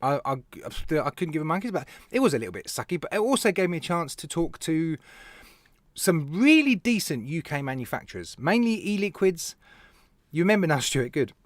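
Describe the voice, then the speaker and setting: A man with a British accent hosting a casual live stream, telling stories in an animated way, laughing and talking to viewers by name. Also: a little high, fairly quick, dry recording. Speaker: live show host, vape reviewer.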